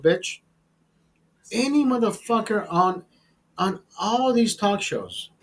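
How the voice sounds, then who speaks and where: Tipsy male livestream host, husky, foul-mouthed and cocky. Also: high-pitched, poor audio. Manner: crude, boastful, swearing constantly. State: tipsy from drinking. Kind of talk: casual profane rant.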